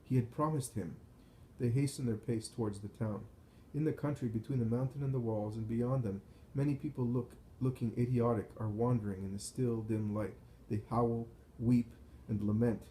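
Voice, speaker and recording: A man reading a first-person visionary account in a measured, solemn way. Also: mid-range voice, fairly even intonation, warm tone, slight background noise, low-quality recording. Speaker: narrator. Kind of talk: scripted first-person narration of a visionary text.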